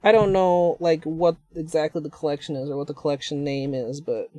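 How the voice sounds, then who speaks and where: A woman's voice: deep voice, fairly even intonation, brisk, mellow, no echo. Chatty woman streaming nail art. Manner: chatty, rambling, self-deprecating asides. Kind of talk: casual livestream chat.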